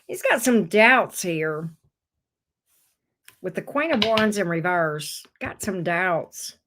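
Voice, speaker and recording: A woman's voice: lowish voice, animated, slow, a bit bright. A woman, chatting casually while she gives tarot readings on a livestream, loose and joking. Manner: chatty and loose, laughs and swears, talks to chat and her pets.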